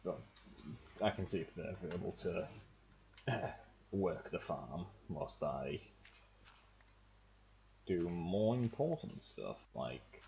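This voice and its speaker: A man's voice: low voice, sing-song, slow pace, vocal fry, long pauses, mellow, a little hiss or hum. A man, casually talking to himself as he plays a game on stream. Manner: muttering thoughts to himself while playing. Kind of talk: casual gameplay commentary.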